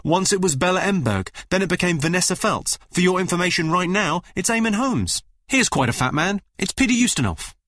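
Dry deadpan radio host. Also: male voice, high-pitched, a little fast, few pauses, no room sound. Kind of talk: scripted radio presenting.

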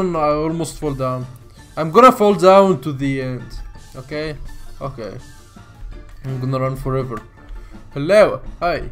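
A man's voice: a little high, animated, takes it slowly, pauses often, a bit bright, soft background music. A man hosting a gaming video, reading the story text aloud and then reacting with frequent exclamations, yelps and nervous laughs. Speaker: gaming channel host.

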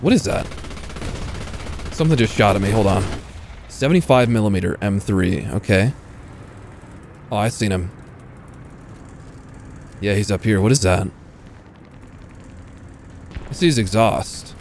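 Low-voiced man narrating his game. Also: a little slow, vocal fry, pauses often, slight background noise. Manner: excitable, swears casually, talks to enemies. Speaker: gaming YouTuber. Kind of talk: casual gameplay commentary.

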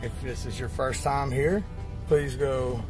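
A man, a trucker doing a loud country-boy comedy skit and chatting casually with viewers. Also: mid-range voice, steady tone, unhurried, music in the background. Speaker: trucker vlogger.

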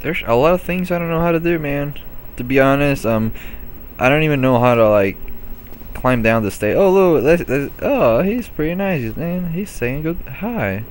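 A man's voice: fairly high pitch, animated, moderate pace, a little hiss or hum. A man giving casual let's-play commentary on his own gameplay, laughing often and swearing freely. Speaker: gameplay video host.

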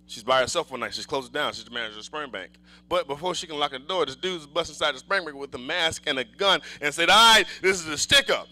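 High, bright-voiced male stand-up comic. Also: quick pace, rough recording. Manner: profane, conversational storytelling. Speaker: stand-up comedian. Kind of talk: stand-up comedy set.

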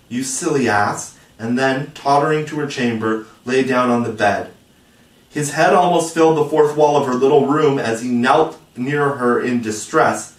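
Man reading a storybook from far off. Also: medium pitch. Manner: dramatic, measured, expressive reading. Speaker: audiobook reader. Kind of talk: scripted storybook narration. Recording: roomy, distant mic.

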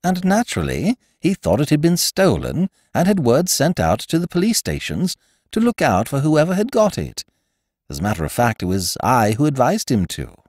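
A man voicing a calm, placating young Englishman. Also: medium pitch, moderate pace, dry recording, clean studio sound, pitched above the performer's own voice. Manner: pacifying, reasonable.

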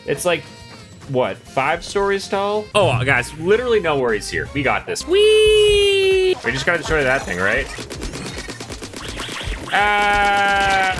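A young man giving scripted gameplay commentary in a playful, mock-boastful and excitable way. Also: mid-range voice. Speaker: gaming YouTuber. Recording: game music under voice. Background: game music.

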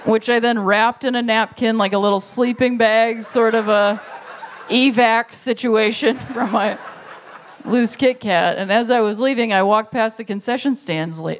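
A stand-up comic in their thirties telling a long story on a live stage, briefly acting out the people in it with quick voices. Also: mid-range voice, slight background noise. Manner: storytelling, acts out characters in quick bursts. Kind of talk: stand-up comedy set. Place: live stage before an audience. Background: audience laughter.

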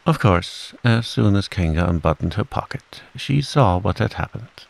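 A man narrating a children's classic as a calm, relaxing bedtime story, with rain falling behind him. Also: fairly low pitch, normal speed, vocal fry, low-quality recording. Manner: gentle, relaxing. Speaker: audiobook narrator.

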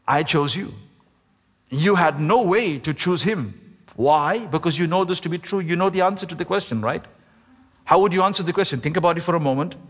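A man, the pastor, preaching a sermon with emphasis, slowing down and stretching key words. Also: high voice, fairly bright tone. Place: church sanctuary. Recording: echoey church hall.

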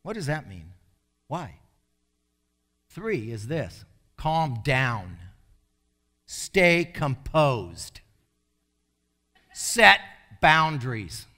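A male pastor preaching a sermon in an emphatic way, with sudden loud bursts. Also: medium pitch, sing-song, very slow, long pauses.

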